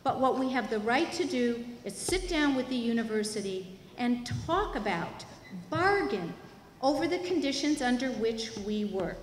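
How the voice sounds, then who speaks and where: A woman lecturing at a teach-in, her voice sitting a little high for a woman. She explains things clearly and with emphasis, asking questions and answering them herself. The sound rings with long reverb from a big hall. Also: animated, moderate pace, hardly any pauses. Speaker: university labor educator. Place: large hall at a university student union. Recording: echoey hall, faint room noise.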